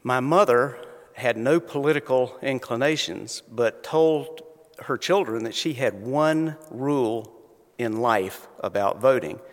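A man with a Southern North Carolina accent, telling humorous stories in a slow, drawling talk. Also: mid-range voice. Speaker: invited speaker. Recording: long reverb of a lecture hall.

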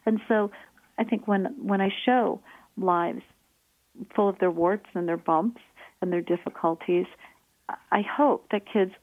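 A woman's voice: mid-range voice, steady tone, unhurried, pauses often. A woman author, earnest and enthusiastic, answering interview questions and reading a passage from her book aloud, over a phone-like line. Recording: dry tinny phone-like line.

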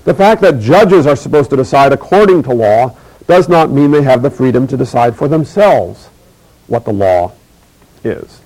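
A middle-aged man giving a recorded university lecture, measured and emphatic, slowing to repeat key phrases. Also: medium pitch, animated, a little mellow, rough recording.

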